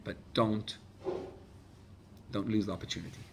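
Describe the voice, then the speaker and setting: A man, a rabbi, preaching a sermon with animated swings from loud urgent exhortation to hushed intimacy, mixing in Hebrew and Yiddish phrases. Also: lowish voice, moderate pace, gravelly, noisy background.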